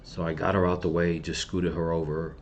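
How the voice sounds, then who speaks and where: Low-voiced middle-aged guy venting, grieving and cussing, a bit of background hiss. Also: flat delivery, brisk, dull audio. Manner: grieving, bitter, profane ranting. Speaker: channel host. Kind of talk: angry personal vlog rant.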